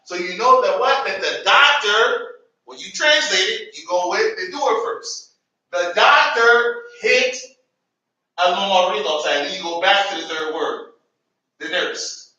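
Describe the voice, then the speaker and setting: A man's voice: sits high, lively intonation, normal speed, bright, forceful tone. An American man teaching an Arabic grammar class, calling on students and having them repeat words after him. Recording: echoey classroom, from far off.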